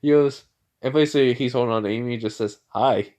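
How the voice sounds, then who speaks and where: A man casually retells a fan-made story, rambling and stacking up filler words as he goes. His pitch sits in the ordinary middle range for a man. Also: quick pace, darkish tone, clean tone.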